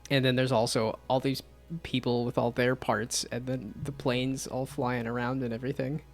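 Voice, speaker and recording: Rambling game-dev streamer, faint music. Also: male voice, medium pitch, level tone, normal speed. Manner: rambling, self-deprecating, frequent restarts. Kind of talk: casual live-stream chat.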